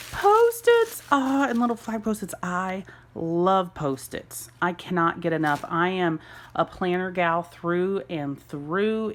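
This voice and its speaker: A woman filming an excited unboxing vlog at home, gushing and gasping with delight over each gift. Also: on the low side. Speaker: homeschool mom vlogger.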